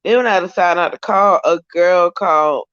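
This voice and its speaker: A woman's voice: lowish voice, normal speed, fairly bright tone, smooth, no echo. A young woman co-hosting a casual storytime chat, rambling in slang and often correcting herself. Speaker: co-host. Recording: dull lo-fi dry sound.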